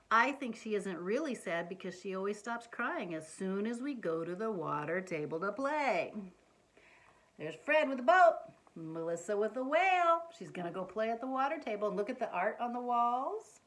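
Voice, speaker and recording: Lively storytime woman reading to children. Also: on the high side. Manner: gentle, coaxing, asks the listener questions. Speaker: storyteller reading a picture book. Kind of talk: children's read-aloud storytime.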